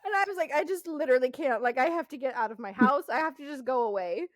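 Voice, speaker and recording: A woman's voice: high voice, fast, no echo. A woman co-hosting a podcast, telling chatty, profanity-laced stories full of laughter. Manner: animated, profanity-laced storytelling with frequent laughter. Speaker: podcast co-host. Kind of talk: casual chat.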